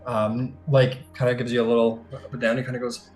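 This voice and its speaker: A man's voice: mid-range voice, flat delivery, fairly quick, darkish tone, echoey room, soft background music. A man narrating as game master in a casual, hesitant way, full of fillers and restarts. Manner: loose, hesitant, many fillers.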